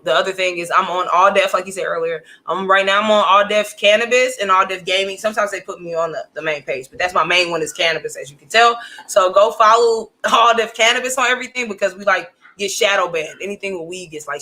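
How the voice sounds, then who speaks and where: A woman in her thirties, a comedian guest telling stories in a brash, profane, animated way. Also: on the low side, brisk. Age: 30s. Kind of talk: casual storytelling.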